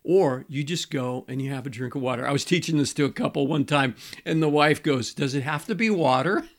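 A middle-aged male pastor giving a conversational teaching on marriage, repeating key phrases and slowing down to stress a point. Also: mid-range voice, fairly even intonation.

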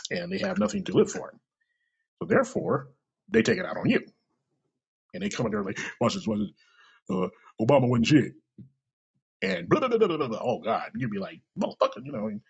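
A man's voice: a little high, creaky, slightly rough. A man hosting a solo podcast, rambling and swearing freely with self-mocking asides. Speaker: podcast host. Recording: dull lo-fi recording.

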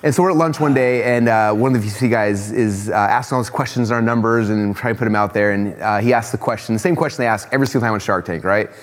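A man telling a quick, excited story as a podcast guest, laughing often. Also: on the low side, big-room sound. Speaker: podcast guest, company founder. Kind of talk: casual storytelling in a podcast chat.

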